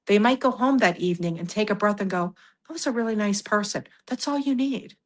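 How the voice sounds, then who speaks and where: A woman guest on a podcast, telling stories in casual conversation in an animated way, often laughing and acting out what people said. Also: medium pitch, fairly quick. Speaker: guest, paranormal investigator.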